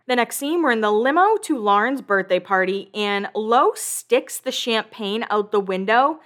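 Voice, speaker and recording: Here a thirtysomething woman hosts a podcast, her fairly high voice expressive and fairly bright. She dishes casually on a reality show, performing the cast's lines in rapid bursts and swearing without restraint.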